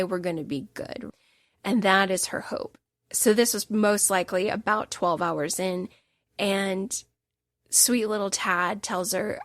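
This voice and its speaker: A woman's voice: medium pitch, no room sound, studio quality. A woman hosting a solo book podcast, telling the story with emotional, emphatic bursts. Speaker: podcast host.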